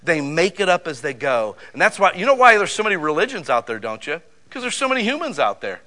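A man's voice: a little high, fast, few pauses. A man preaching a sermon, telling folksy stories with lots of rhetorical questions and asides like "you know" and "man.". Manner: animated storytelling with rhetorical questions. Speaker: pastor.

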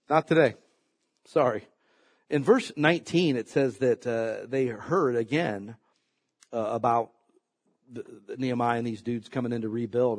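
Animated preacher man, husky voice. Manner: animated, rising to emphatic peaks and dropping low. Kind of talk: sermon.

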